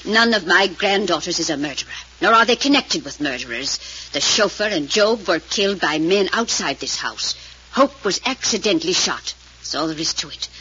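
A woman's voice: lowish voice, animated, moderate pace, sharp tone, husky, full character voice. An imperious old grandmother. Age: older. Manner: clipped, dismissive, firm. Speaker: stern grandmother. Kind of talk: 1940s radio acting. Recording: dull old radio recording.

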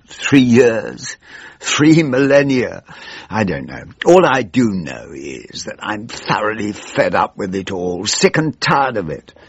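An actor playing a disillusioned, elderly English backbench politician in a comic radio monologue, with a plummy, drawling, world-weary manner. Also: male voice, mid-range voice, breathy edge, no echo, heavily acted. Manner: world-weary, exasperated and sardonic. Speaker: radio comedy monologue performer. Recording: dull lo-fi radio recording.

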